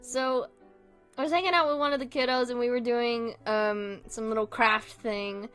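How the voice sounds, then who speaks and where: A young woman with a fairly high voice gives casual commentary on online posts. She is animated and swears freely. Faint music runs behind her. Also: moderate pace, smooth. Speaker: video host reading online posts.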